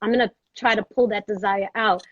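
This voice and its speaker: Speaking a little fast in a mid-range voice, this guest, an actress from Brooklyn, New York, tells a lively story and performs the voices she quotes. There's no room sound, just a dull, dry recording.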